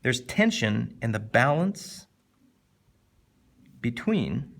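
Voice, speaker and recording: A man teaching a casual, animated literature lesson, jumping up in pitch to stress points and slowing down to read poem lines. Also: vocal fry. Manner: animated, conversational, with sudden lifts in pitch for emphasis; reads poem lines slowly and deliberately.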